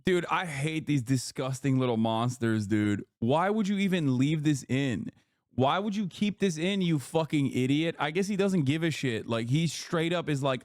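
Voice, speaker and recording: Man, heated reaction commentary, scornful, swearing, slightly high voice, dry close sound. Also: lively intonation, normal speed, a little mellow, no room sound. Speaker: streamer reacting to a video.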